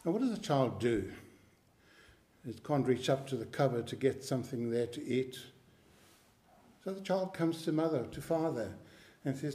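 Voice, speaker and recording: This preacher has a mellow, mid-range voice and an animated delivery. He speaks slowly and emphatically through his sermon, circling back to key phrases and occasionally clearing his throat.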